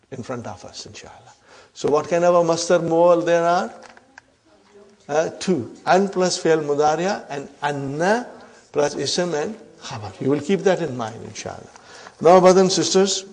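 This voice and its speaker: A man lectures on Arabic grammar slowly and in a drawn-out way, frequently checking in with his class. His voice is fairly high, gravelly, and darkish in tone.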